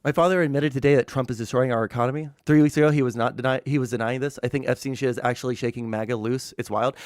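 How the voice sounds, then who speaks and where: A man's voice: mid-range voice, no echo, clean studio sound. A man streaming political commentary, ranting in a heated, profane way and laughing at himself between outbursts. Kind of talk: livestream commentary.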